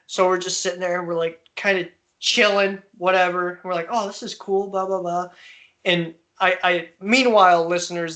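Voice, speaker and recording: A man hosting a podcast, telling a story in casual chat, swearing freely and laughing often as he goes. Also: on the high side. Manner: profane, laughing, animated storyteller. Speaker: podcast host.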